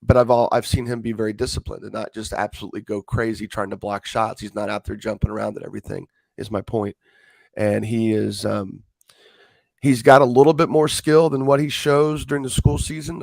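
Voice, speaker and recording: A man with a hoarse voice from a cold, talking basketball and local news as a coach and analyst on sports radio. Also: mid-range voice, darkish tone, no room sound. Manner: rambling, restarts sentences. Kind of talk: casual sports radio chat.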